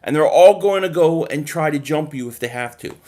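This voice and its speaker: A man hosting a casual sports livestream, talking straight to viewers, animated and swearing freely. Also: fairly high pitch, brisk. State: groggy from a nap. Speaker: livestream host reading chat.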